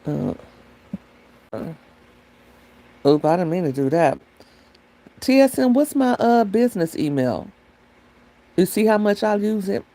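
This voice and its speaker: Talking into her phone, a livestream host chats easily with her audience in a warm, mellow mid-range voice. Her pitch swings widely, her pace is unhurried with frequent pauses, and she rambles between topics while reading out comments from the chat.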